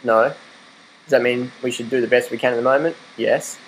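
A young Australian man vlogs casually, his medium-pitched voice steady and at normal speed, in a rough recording with a little hiss or hum. In a rant to camera, he rambles and laughs, talking to his dog and arguing his point.

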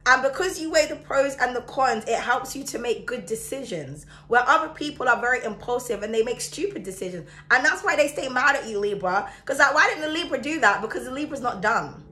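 A woman giving a chatty, excitable tarot reading to her viewers, her throat sore and coughing now and then. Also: high-pitched, brisk, hardly any pauses. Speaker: tarot reader. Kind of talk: casual astrology reading to camera.

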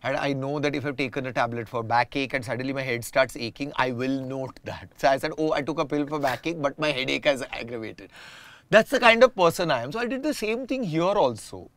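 A man's voice: medium pitch, a little fast, a bit bright. A man, talking reflectively and at length as a guest in a casual conversation. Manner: reflective, explains at length with restarts.

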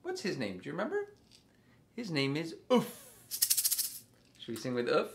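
A man hosting a children's music lesson, speaking slowly and simply to small children and asking them questions. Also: on the high side, wildly swooping pitch, creaky. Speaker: children's music teacher and host. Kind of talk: children's sing-along lesson. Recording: loud background noise.

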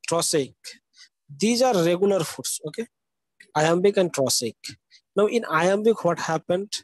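In this live university lecture, the man sounds high and expressive, speaking at a measured pace in a dry recording with poor audio. His explanations go step by step, words get spelled letter by letter, and "okay?" keeps coming up to check understanding.

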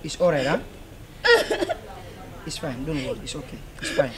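A man's voice: fairly high pitch, moderate pace, crowd noise, lightly acted. An actor playing a fatherly elder who reassures the families and lectures on heeding elders' advice. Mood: reassuring, lecturing. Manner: moralizing, reassuring, repetitive. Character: fatherly elder preaching to parents and youth. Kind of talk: low-budget film drama. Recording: noisy location audio.

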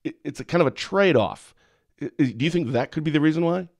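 A man's voice: a little high, expressive, fast talker, vocal fry, dry recording. A man hosting an interview, asking questions in a casual, thinking-aloud way with restarts and hedges. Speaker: host.

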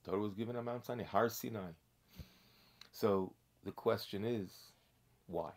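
A male rabbi teaching a religious class, speaking haltingly with frequent restarts and sprinkling in Hebrew and Yiddish terms. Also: fairly low pitch, a little mellow. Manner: halting, many fillers and restarts, storytelling.

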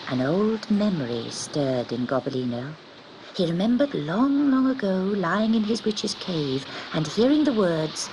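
Expressive woman reading a children's story. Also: on the low side, unhurried, noisy background.

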